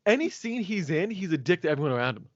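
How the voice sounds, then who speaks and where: A man's voice: sits high, sing-song, fast, no room sound, muffled recording. A man co-hosting a podcast in casual chat, who laughs often and acts out quotes as he talks. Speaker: podcast co-host.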